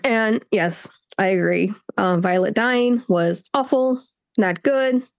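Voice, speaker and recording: A woman co-hosting a book review chat, talking casually and acting out her reactions with quick put-on voices. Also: mid-range voice. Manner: chatty, acts out reactions in quoted voices. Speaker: book podcast co-host.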